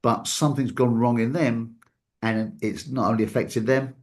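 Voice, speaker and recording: A man's voice: medium pitch, fairly even intonation, normal speed. A man talking reflectively about abusive behavior, hedging his points and repeating words for emphasis. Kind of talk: reflective casual talk.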